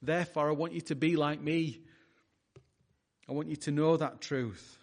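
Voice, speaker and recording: A man's voice: on the high side, fairly even intonation, moderate pace, darkish tone. A man pastor preaching a sermon in an earnest way, often restarting and repeating words as he talks.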